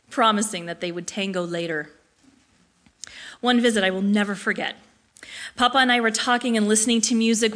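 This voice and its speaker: A woman reading her own personal essay aloud in a reflective, measured way. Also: on the high side, fairly bright tone. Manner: reflective, measured, with brief slips and restarts. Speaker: narrator.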